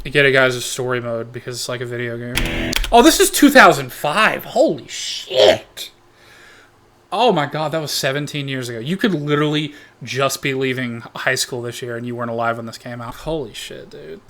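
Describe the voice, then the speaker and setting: A man's voice: mid-range voice, normal speed, faint music behind. A man hosting a reaction video who gives rambling, profanity-laden comedic commentary. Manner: rambling, animated, swears a lot.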